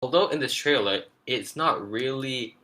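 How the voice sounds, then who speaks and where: Rambling man with a bright voice. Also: mid-range voice, unhurried. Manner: rambling, lots of fillers and restarts. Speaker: podcast co-host. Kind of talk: casual trailer breakdown chat.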